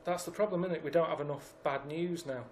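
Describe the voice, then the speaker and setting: Man, deadpan, grumbly, fairly high voice, faint background hiss. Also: quick pace. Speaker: podcast regular. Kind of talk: comic podcast banter.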